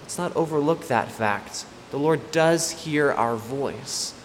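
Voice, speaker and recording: Speaking slowly at a medium pitch, this male preacher gives an expository sermon with emphasis, returning again and again to his main points. The sound has a long hall reverb and faint hiss from the room.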